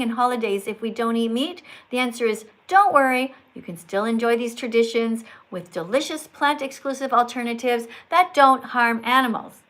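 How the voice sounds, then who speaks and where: A woman's voice: on the high side, fairly bright tone, low-quality recording. An older woman hosting a livestream, talking to callers in an emphatic, scolding, teacherly manner. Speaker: livestream host.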